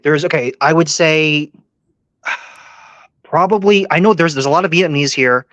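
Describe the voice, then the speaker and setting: A man's voice: fairly high pitch, moderate pace, pauses often, a bit bright, dry recording, muffled recording. A man chatting as a guest, hesitant and stammering, often repeating his words. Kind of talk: casual podcast chat.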